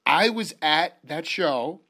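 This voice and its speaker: A man hosting a casual interview, excitable and chatty, often calling his guest "dude". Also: on the high side, takes it slowly. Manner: excitable, says "dude" a lot. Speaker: interviewer host.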